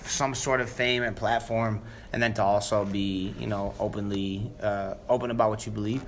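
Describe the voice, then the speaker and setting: A man in his late twenties, a guest in an interview, telling stories in an animated, emphatic way. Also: fairly low pitch, moderate pace, slight background noise. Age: 20s. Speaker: guest, rapper. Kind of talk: conversational interview answers.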